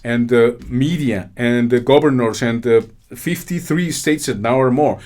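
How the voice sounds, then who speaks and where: A man's voice: mid-range voice, a little slow. A man from Colombia, delivering an angry, indignant political monologue peppered with swearing. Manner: loud, indignant, swearing, with mocking laughs. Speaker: political commentary host.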